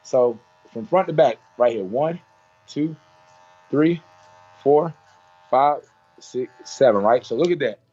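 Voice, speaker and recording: A man's voice: medium pitch, lively intonation, slow, long pauses, mellow, highs cut off. A man teaching a hands-on haircutting class, talking through each move with repeated cues and playful sound effects. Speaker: barber educator. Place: salon.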